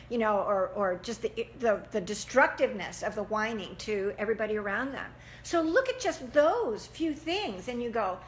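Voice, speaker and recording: A woman gives an animated parenting talk to a class, acting out the people she quotes. Her voice sits a little higher than most women's. The room is echoey, with a faint hum of ambience behind her. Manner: animated, acts out quotes in voices, laughs often. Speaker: parenting teacher.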